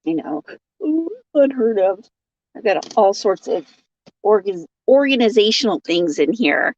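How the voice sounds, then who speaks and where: She hosts a laid-back crochet livestream, chatting, laughing, reading comments, and welcoming viewers by name. Her medium-pitched voice is expressive, a little slow and a little mellow. It's captured on a phone with no room sound, giving a dull, lo-fi result.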